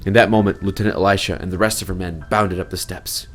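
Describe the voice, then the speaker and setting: A man's voice: sits low, fairly even intonation, fast talker, soft background music. A man, the author, reading his novel aloud in vivid, emphatic narration. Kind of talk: dramatic storybook narration.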